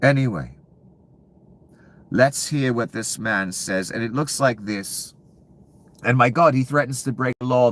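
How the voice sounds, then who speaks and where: A man delivering a profane, angry political rant to viewers, dropping to low mutters and then bursting out loud. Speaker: commentary channel host.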